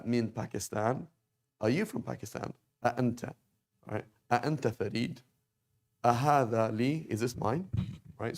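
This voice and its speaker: A man's voice: medium pitch, vocal fry, darkish tone. A man teaching an informal Arabic class, talking conversationally and tossing rhetorical questions at his students.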